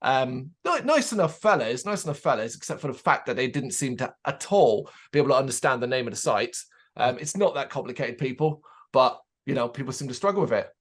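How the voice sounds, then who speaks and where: A man co-hosting a casual chat show, telling an animated anecdote and acting out the people in it, swearing freely. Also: medium pitch, fairly quick. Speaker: podcast co-host.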